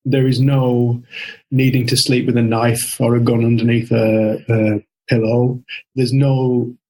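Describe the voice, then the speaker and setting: A man's voice: medium pitch, unhurried, rough recording. Man telling a story in a podcast interview. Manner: animated storyteller, quotes others with repeated "she said", frequent restarts. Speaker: guest coach.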